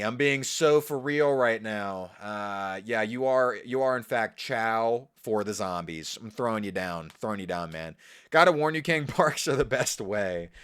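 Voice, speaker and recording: A man's voice: medium pitch, clean tone. A man live-streaming, reacting in a casual, profane, incredulous and mocking way. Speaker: livestreamer.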